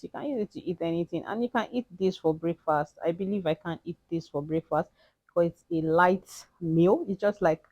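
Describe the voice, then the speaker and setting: Woman, lowish voice, relaxed chatty cooking tutorial, dry close sound. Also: no echo. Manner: relaxed, chatty, repeats herself, light laughs. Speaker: cooking channel host. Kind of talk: casual cooking tutorial voice-over.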